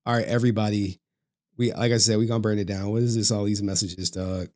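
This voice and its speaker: Profane, heated livestream host. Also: male voice, on the low side, level tone, fast, darkish tone. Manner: profane, heated, swearing constantly. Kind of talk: casual livestream rant.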